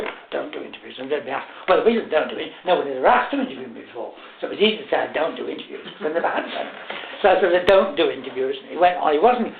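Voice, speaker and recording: An older English man lecturing to a class, hesitant with many fillers, wry and self-mocking. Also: sits high. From England. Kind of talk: lecture with anecdotes. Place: lecture room. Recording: tinny echoey room recording, faint hiss.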